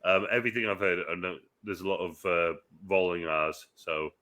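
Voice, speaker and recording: A man co-hosting a casual movie review podcast, cracking crude jokes and swinging from loud bursts to low mutters. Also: normal speed. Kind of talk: casual chat.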